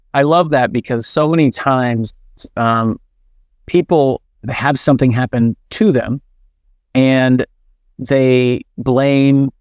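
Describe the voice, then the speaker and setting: A man's voice: mid-range voice, no room sound. Guy hosting a podcast, medium voice, enthusiastic and loose, dry close sound. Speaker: podcast host. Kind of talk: podcast interview.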